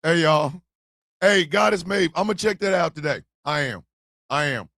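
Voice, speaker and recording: A man hosting a casual morning show, loud and profane, often shouting and laughing as he talks. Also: a little high, a little slow, pauses often, dry recording, studio quality. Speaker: host of a morning stream show.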